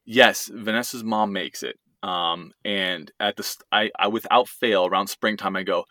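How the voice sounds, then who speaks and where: Low, bright-toned man chatting casually. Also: steady tone, normal speed, few pauses, no echo, studio quality. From United States. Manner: easygoing, rambling, restarts often. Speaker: podcast co-host. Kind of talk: casual family chat.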